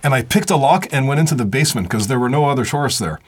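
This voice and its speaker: A man's voice: medium pitch, animated, racing, husky. A man co-hosting a podcast in a studio, chatting casually and joking with blunt opinions. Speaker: podcast co-host. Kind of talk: casual chat. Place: recording studio.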